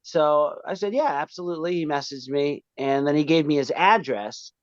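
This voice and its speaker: A man's voice: a little high, normal speed, clean tone, dry recording, muffled recording. A man, a band's vocalist, telling the story of how the band began in a rambling, casual interview. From Pennsylvania, raised in New England.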